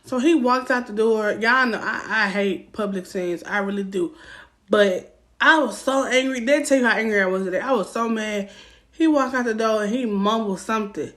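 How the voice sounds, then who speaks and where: A young woman with a Southern US accent tells a casual story-time vlog, loud, profane and lively. Her voice sits a little high, and she acts out what people said with rising heat. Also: normal speed. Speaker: vlogger telling a story time.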